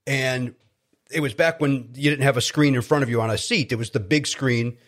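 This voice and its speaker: A man from Chicago, a guest comedian, telling stories in casual chat, animated and self-deprecating with many restarts. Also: medium pitch, normal speed. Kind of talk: casual storytelling.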